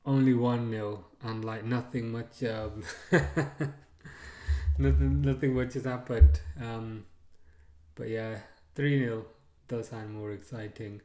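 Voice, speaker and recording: With reverb on the audio, a medium-pitched man chats casually while streaming a match live. He's relaxed, reads out and answers what viewers write, and often trails into hesitant fillers.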